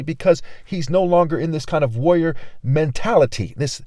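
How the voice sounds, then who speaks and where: A young man preaching a ranting video sermon, reading scripture with intensity, dropping from loud outbursts to low mutters. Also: moderate pace, hardly any pauses, dry recording, studio quality. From California. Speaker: online preacher.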